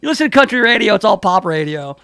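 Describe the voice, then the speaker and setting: High-voiced wisecracking radio host, dry studio sound. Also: male voice, big pitch swings, quick pace, pushed and bright, smooth, no room sound. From Memphis area. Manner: wisecracking, puts on hammy country DJ voices. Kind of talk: joking radio banter. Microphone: studio mic.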